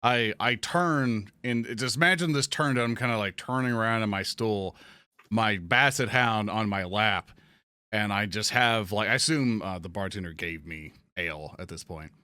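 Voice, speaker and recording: A man's voice: on the low side, normal speed, bright, forceful tone, clear, resonant tone, dry recording, clean studio sound. A man playing a tabletop game, talking casually, joking and swearing. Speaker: player.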